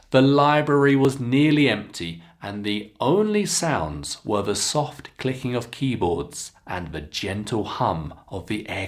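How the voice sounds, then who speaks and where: A man with a British English accent teaching pronunciation, reading a story aloud slowly and clearly between instructions to pause and practise. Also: medium pitch. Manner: slow, deliberate, clearly enunciated reading with instructions to repeat.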